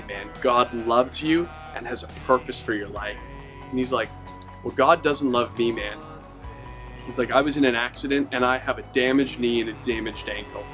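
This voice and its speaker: A man tells a personal faith testimony as an animated storyteller. He slips into the voices of the people he quotes. Faint music plays under his mid-pitched voice. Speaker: youth ministry team member.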